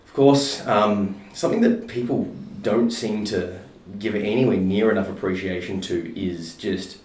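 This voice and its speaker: Low male voice, laid-back podcast chatter, roomy distant mic with faint hiss. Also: normal speed, a little mellow. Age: adult parent of a toddler. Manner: casual, swearing, many fillers. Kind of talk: casual chat.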